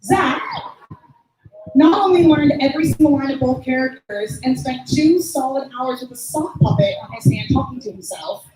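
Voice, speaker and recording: A woman with a high-sitting, animated, slightly mellow voice speaks at a moderate pace as the drama teacher emceeing a student recital. She's chatty, rambling, and effusive, using lots of fillers, and the room is echoey.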